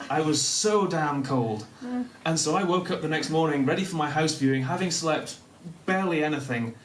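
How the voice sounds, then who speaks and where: A young man with a softened Northern English accent tells a comic story on his own life, chuckling through it. His voice sits a touch high for a man. It is heard from a little way off in an echoey room, with a faint hum behind him. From Newcastle, North of England. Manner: self-deprecating, comic, laughing often through the telling. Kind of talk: live personal storytelling. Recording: echoey room, mic at a distance.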